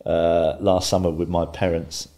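A man in his fifties, a guest on a podcast, telling a story calmly and wryly, often laughing. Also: deep voice, a little slow. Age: 50s. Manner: calm, wry, laughs while telling a story. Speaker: interview guest.

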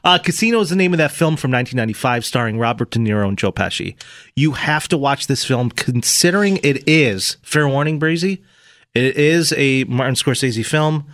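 A man's voice: a little high, animated, fairly quick, fairly bright tone. A man co-hosting a radio morning show in a studio, teasing his co-host and reading listener texts. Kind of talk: casual on-air banter.

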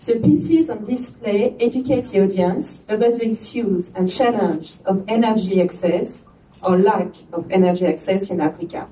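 A woman's voice: mid-range voice, normal speed, dark tone, slight background noise. A woman with a French accent, chairperson of an arts organization, gives a formal opening speech with chatty asides and restarts. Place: gallery opening event. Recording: echoey room from far off.

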